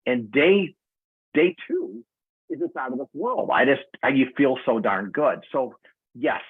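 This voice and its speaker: A man in his sixties chatting casually on a video call, telling stories in an animated way. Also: mid-range voice, unhurried, slightly rough, no echo. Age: 60s. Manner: animated storyteller, acts out quoted voices. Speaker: guest community member. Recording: tinny phone-like video call audio.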